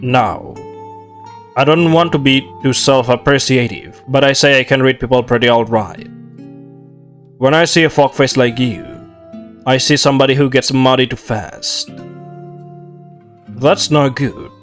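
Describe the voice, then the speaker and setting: Man doing a gruff devil barfly, low and gravelly, rude drawling mockery over soft guitar. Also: measured pace, long pauses, natural voice. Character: imposing gruff male devil drinking at a bar.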